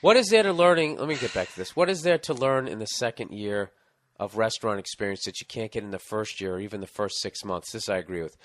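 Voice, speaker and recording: A middle-aged man talks fast and animatedly in a lowish voice while hosting a casual podcast. Working through a listener's advice letter, he rants, tells stories and swears a lot.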